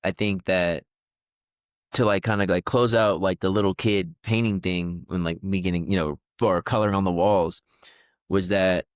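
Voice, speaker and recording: Speaking at normal speed in a low, fairly even voice, a man co-hosts a podcast in relaxed conversation full of fillers and restarts. The sound is clean studio audio without any room sound.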